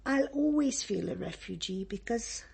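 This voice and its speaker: A woman's voice: mid-range voice, animated, normal speed, creaky, a little mellow, breathy edge. An older woman from Egypt with an English accent, reminiscing in an interview, rambling and laughing often with many restarts.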